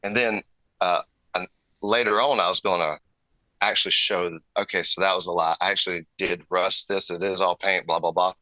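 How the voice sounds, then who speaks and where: A man's voice: sits low, steady tone, normal speed, sharp tone, no echo, poor audio. A man guest on a podcast, an airbrush artist telling stories in casual, rambling chat, often breaking off and restarting his sentences. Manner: rambling, self-interrupting storyteller.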